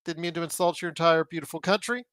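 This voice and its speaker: A man's voice: a little high, quick pace, no room sound. A man hosting a sports podcast in casual, rambling chat, joking as he plugs the show. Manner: rambling, animated, jokey plugs. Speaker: podcast host.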